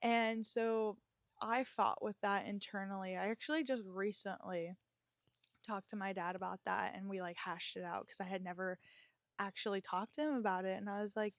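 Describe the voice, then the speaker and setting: A young woman hosts a podcast, recounting a personal story frankly and emotionally, cursing freely and filling her speech with fillers. Her voice is medium in pitch with fairly level intonation and a normal speed. The recording is clean, studio-quality, and free of echo.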